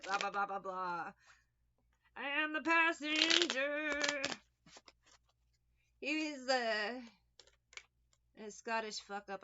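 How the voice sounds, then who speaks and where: A woman's voice: a little high, sharp tone, lo-fi sound, slight background noise. A woman giving a casual tarot reading, rambling, sarcastic and liberal with swearing. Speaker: tarot reader.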